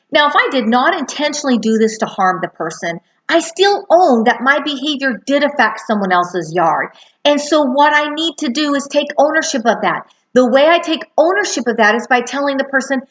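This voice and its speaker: A woman in her thirties or forties gives a spoken lesson on relationship boundaries in a fairly high voice. She talks earnestly and slips into acted-out dialogue to make her points. The recording sounds muffled and lo-fi. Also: animated, brisk. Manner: earnest, acts out quoted dialogue.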